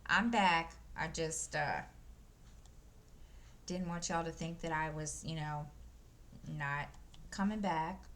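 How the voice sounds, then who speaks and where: A woman in her 50s runs a crafting channel and talks casually while stitching, rambling with fillers and restarts. She speaks slowly in a low, slightly bright voice, pausing often, through a desk microphone with slight background noise.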